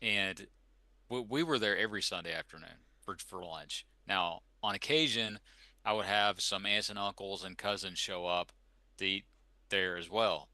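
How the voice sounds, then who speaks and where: Middle-aged man, podcast co-host, rambling casual chat, low pitch, bright tone. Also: normal speed, no echo. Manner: rambling reminiscing with restarts.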